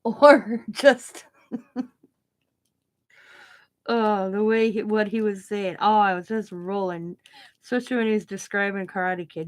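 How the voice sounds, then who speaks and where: A woman's voice: medium pitch, measured pace, long pauses, fairly bright tone. A middle-aged woman, a craft channel host, telling a story in casual, chatty talk that rambles, restarts sentences and often breaks into giggles.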